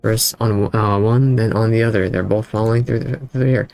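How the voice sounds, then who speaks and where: Low gravelly man reading game dialogue. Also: steady tone, moderate pace, darkish tone. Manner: reads every character's lines in his own voice, casual asides. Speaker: streamer. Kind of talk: reading a text game aloud, live stream.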